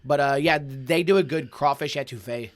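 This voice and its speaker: A man in his forties hosts a casual podcast chat. His voice is middle-pitched. He rambles a little, restarting sentences and tossing questions to his guest. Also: moderate pace. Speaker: podcast host.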